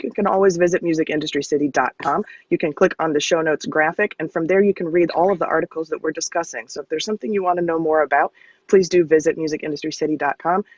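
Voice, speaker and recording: A man hosting a live music news show, talking eagerly and warmly to his audience. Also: fairly high pitch, dry recording, dull audio. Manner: fast, eager, friendly sign-offs. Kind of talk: casual live-stream chat.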